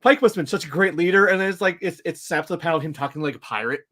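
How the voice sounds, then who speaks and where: A man co-hosting a casual chat show, talking in halting bursts with many restarts. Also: on the high side, fairly bright tone. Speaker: podcast co-host.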